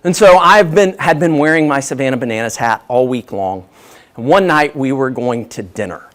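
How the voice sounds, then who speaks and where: Lively man telling stories. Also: medium pitch, moderate pace. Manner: lively self-deprecating storyteller. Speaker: guest speaker. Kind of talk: humorous business talk to an audience.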